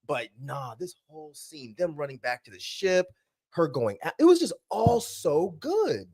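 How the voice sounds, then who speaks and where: A man co-hosting a podcast, reviewing a movie in a jokey, profane, animated way. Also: on the high side, a little slow, vocal fry, breathy edge, no echo, clean studio sound. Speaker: podcast co-host. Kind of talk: casual movie review chat.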